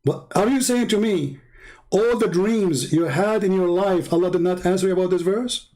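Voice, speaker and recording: A man's voice: high voice, normal speed, dark tone. A man hosting a livestream, talking in a mocking, taunting way and repeating phrases for emphasis. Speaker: livestream host. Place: home setup streaming online.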